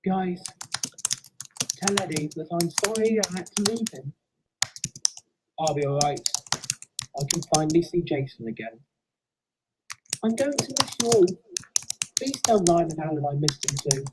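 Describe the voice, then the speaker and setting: A woman voicing a gentle ghost engine who speaks quietly and softly. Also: on the low side, animated, normal speed, pauses often, noisy background, close to an everyday voice. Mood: resigned. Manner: soft, quiet, farewell tone.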